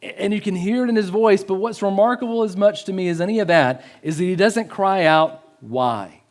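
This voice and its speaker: A man giving a sermon in a church, swinging from loud pleading to hushed, slow emphasis. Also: sits high. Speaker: pastor.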